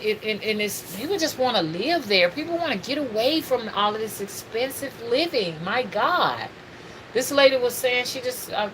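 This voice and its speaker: A woman's voice: a little high, sharp tone, slight background noise, poor audio. A middle-aged woman, talking casually and preachily to her livestream viewers, calling them y'all. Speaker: spiritual reader and livestream host.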